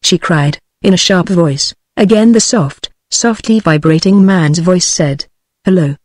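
A text-to-speech voice of a woman with a British English accent, reading a novel aloud in an even, measured way. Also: lowish voice, no room sound, studio quality. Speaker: audiobook narrator.

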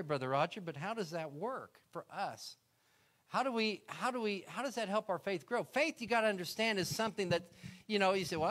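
Male guest preacher with a higher voice, folksy storyteller who drops to a hush and swells back up. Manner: folksy storytelling, acts out voices in retold scenes; swings from loud to soft, drops to a hush. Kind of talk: sermon.

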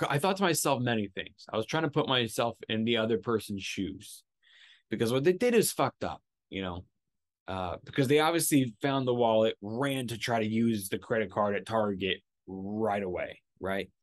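A man hosting his own podcast, telling a story in a casual, animated and profane way, acting out what people said. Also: fairly low pitch, dry recording, studio quality. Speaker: podcast host.

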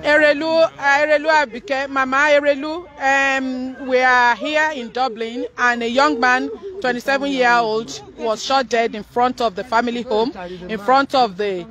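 A woman's voice: high-pitched, fairly even intonation, unhurried, few pauses, fairly bright tone. A Nigerian woman live-streaming from a street scene, shaken and tearful, speaking urgently, repeating herself, and switching into Yoruba. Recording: crowd noise outdoors.

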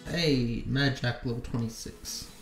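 A man's voice: medium pitch, steady tone, unhurried, faint music behind. Man streaming a game in an echoey room. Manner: casual, swears freely, mutters to himself. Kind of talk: live game-stream commentary.

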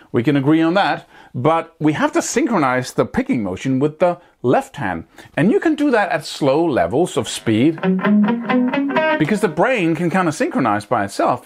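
In a fairly high, husky voice, a man teaches a guitar lesson on picking technique. He's lively and practical, vocalizing the rhythms as he goes and regularly asking his listeners "right?" or "wouldn't you say?".

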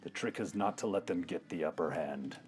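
Over faint music, a man with a low, slightly mellow voice talks a little fast while playing a retro video game. He trash-talks the enemies, swears, and cracks jokes to himself in casual let's-play commentary.

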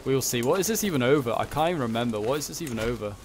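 A young man giving casual commentary on a strategy game, thinking aloud and muttering quick reactions. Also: medium pitch, expressive, a little hiss or hum. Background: background music.

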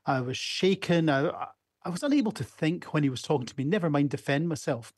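Speaking over a video call, this fifties-aged emergency physician from Scotland tells frank stories in a conference keynote, restarting now and then. He sounds husky, on the high side, brisk and lively in intonation. It's a dry, clean studio recording.

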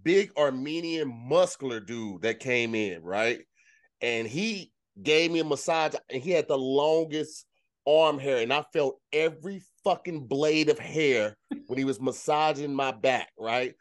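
A man's voice: mid-range voice, measured pace, no echo. Dry-sounding man telling a story. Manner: storytelling, joking, slangy. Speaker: podcast co-host. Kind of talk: casual group banter.

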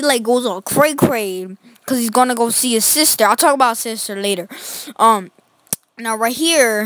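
A woman's voice: on the high side, a bit bright, no room sound. A woman giving casual, rambling commentary over a series of pictures, full of slang and filler words. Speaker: video host.

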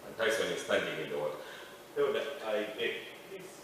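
A male pastor preaching a sermon as a story, moving from loud excited cries to hushed pleading. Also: sits low, brisk, background noise. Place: large outdoor camp meeting. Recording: echoey long reverb, distant mic, faint ambience.

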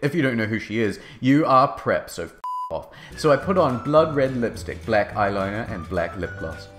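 A man narrating a fanfic as a comedic dramatic reading, in a mock-earnest deadpan. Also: mid-range voice, moderate pace, faint music behind.

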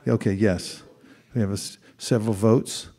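A man's voice: fairly low pitch, fairly even intonation, moderate pace, mellow, slightly rough. A man giving a spiritual talk to a live audience, conversational, asking the listeners questions and acting out examples.

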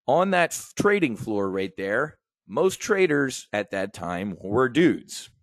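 A middle-aged man talks straight to his audience in a brash, swaggering sales pitch, full of profanity and war stories from the trading floor. His voice sits at an ordinary pitch. The sound is dry and close, with no room echo. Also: sing-song, slow. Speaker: trading educator and host. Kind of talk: animated sales pitch monologue.

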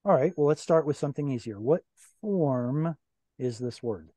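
A man's voice: medium pitch, expressive, normal speed, mellow, dry recording. Patient man teaching on a video call. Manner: patient, explanatory, quizzing students. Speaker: Hebrew teacher. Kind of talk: online class teaching.

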